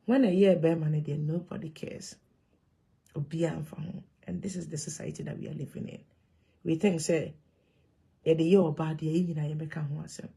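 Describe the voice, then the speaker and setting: A woman with a Ghanaian accent speaks straight to her viewers, moving between Twi and English. Her voice is gravelly and a little husky, and her delivery is animated and emphatic. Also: low voice, moderate pace. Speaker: vlogger. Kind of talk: casual monologue to camera.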